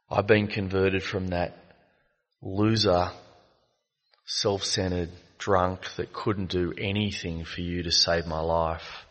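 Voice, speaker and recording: A man giving a reflective personal share at a recovery meeting, telling stories with many halting fillers. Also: sits low, a bit bright. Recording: long echo of a meeting hall.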